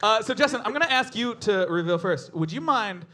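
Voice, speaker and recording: A man's voice: high-pitched, expressive, a little fast, heavy background noise. A man hosting a live comedy game show in front of an audience, bubbly and laughing often as he announces. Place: live stage before an audience.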